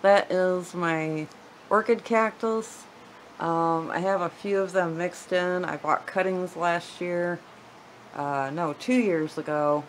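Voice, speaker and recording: A woman's voice: on the low side, fairly even intonation, takes it slowly, slight background noise, rough recording. A woman giving a casual tour of her houseplants in her living room, chatty and gushing, often trailing off mid-sentence. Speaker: plant vlogger.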